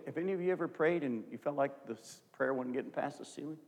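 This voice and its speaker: A man's voice: on the high side, fast, hardly any pauses. A man preaching a sermon to his congregation, reading scripture aloud and acting out the quotes with animation. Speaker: pastor. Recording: long hall reverb.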